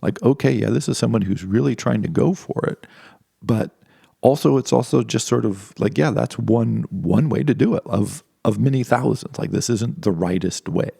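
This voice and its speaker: A man's voice: medium pitch, normal speed, creaky, mellow, breathy edge, dry recording, studio quality. A middle-aged man giving an informal lecture, rambling with many restarts and playfully acting out imagined speakers.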